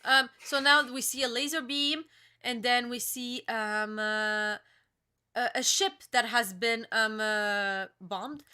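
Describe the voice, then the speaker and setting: A young woman reading comic pages aloud in a casual reaction chat, halting with many fillers and restarts. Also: a little high, fairly even intonation, sharp tone, clear, resonant tone. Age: young adult. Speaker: co-host reacting to a comic chapter.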